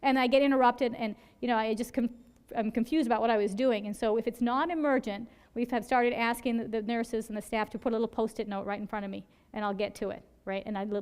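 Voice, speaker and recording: A woman's voice: a little high, smooth. A woman emergency physician giving a conversational lecture to fellow doctors, telling stories with quoted dialogue and often checking in with "right?". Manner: conversational, peppers points with "right?"; animated storytelling with quoted dialogue. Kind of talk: conference lecture.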